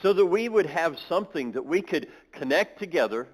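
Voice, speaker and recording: A pastor giving a sermon in a church, reading scripture aloud and then explaining it with small restarts. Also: male voice, a little high, expressive, fairly quick, poor audio.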